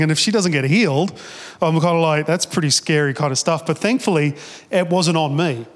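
A man's voice: on the high side, fairly quick, in a large hall. A man preaching a sermon as a pastor, telling stories in a casual, chatty way with restarts and quoted asides. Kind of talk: sermon storytelling.

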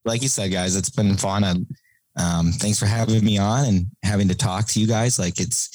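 A man's voice: lowish voice, fairly even intonation, normal speed, darkish tone, no room sound, low-quality recording. A man talking as a guest on a podcast, telling stories in a casual chat, laughing often and acting out what people said. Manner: laughing storyteller, acts out quotes.

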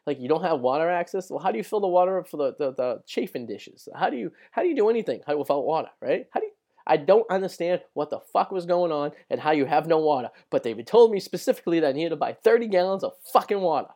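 A man's voice: on the high side, very animated, fast talker, warm tone. A young man hosting his own show, telling a long story in a casual, rambling way, full of swearing and "right?". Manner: rambling, profane, fills with "right?" and "like". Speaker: podcast host.

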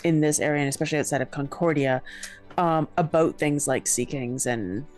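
A woman's voice: sits low, brisk, a little mellow, soft background music. A woman tabletop game player speaking politely and unhurriedly, in and out of character. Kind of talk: casual in-character chat.

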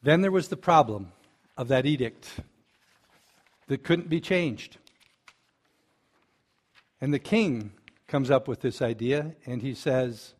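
A man preaching a sermon, retelling a story with lively asides to the congregation. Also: mid-range voice, slow, long pauses. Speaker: pastor.

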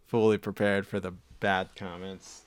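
A man co-hosting a podcast in casual, profane, rambling chat, mostly low-key. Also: flat delivery, a little slow, a little hiss or hum. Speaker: podcast co-host.

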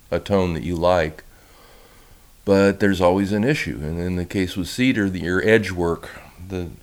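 A man who makes violins gives a relaxed, rambling talk over slides, with many restarts. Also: deep voice. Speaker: violin maker giving a talk.

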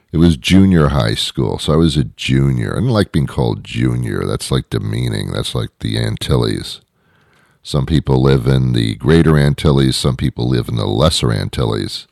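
A man delivering a sardonic, rambling comedy monologue in a deadpan stand-up style. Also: rumbling low, vocal fry, dry recording, clean studio sound. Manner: sardonic, rambling, misanthropic asides.

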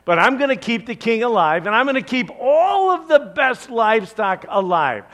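A man voicing a self-assured, cheerfully defiant king in a loud, boastful, rushed way. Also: very high-pitched, very animated, pitched above the performer's own voice, exaggerated voice.

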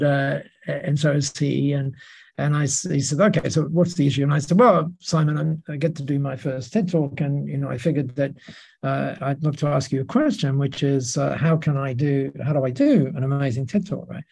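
A man as a podcast guest telling lively anecdotes in a casual interview, with many restarts. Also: a little high, gravelly.

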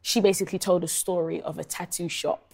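A young woman in her twenties speaks with a London accent in a casual interview. She chats and tells stories freely, often with ums and likes, in a slightly low voice. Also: fairly even intonation, fast talker, creaky, darkish tone. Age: 20s. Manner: chatty storyteller, many ums and likes. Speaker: guest, singer-songwriter.

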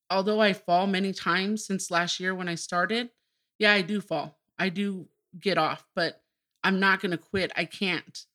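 Bright-voiced woman telling her story. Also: on the low side. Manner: open and emotional, breaks into laughter. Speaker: podcast guest. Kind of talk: candid personal storytelling.

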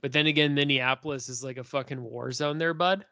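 Bright-voiced man, laid-back. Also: mid-range voice, fairly even intonation, brisk, creaky, dry recording. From North Dakota. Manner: laid-back, profane, rambling with fillers. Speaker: podcast guest. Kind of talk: casual podcast chat.

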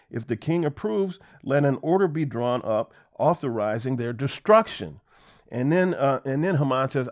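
A man leads a Bible lesson in an easygoing, conversational way, reading a passage and then explaining it in simple everyday words. His delivery is halting, full of ums, uhs and restarted phrases, and his voice sits at an ordinary middle pitch. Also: darkish tone. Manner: reads verses then retells them in plain everyday words. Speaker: Bible teacher. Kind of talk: casual scripture reading and commentary.

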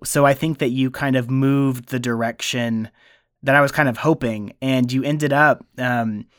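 A man who wrote a podcast, interviewing his voice actor in a chatty, storytelling way with quick asides. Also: mid-range voice, fairly even intonation, a bit bright, clean tone, dry recording, studio quality. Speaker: podcast creator and writer.

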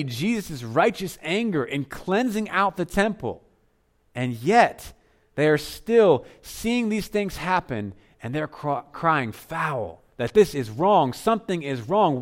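A man preaching a sermon as pastor, earnest, dropping to softer tones for emphasis. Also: a little high.

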